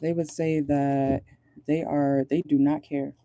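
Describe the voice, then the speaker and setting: A man's voice: on the high side, flat delivery, takes it slowly, warm tone, slight background noise. A man giving a casual pick-a-card tarot reading in a car, chatty and amused, laughing often. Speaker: tarot reader.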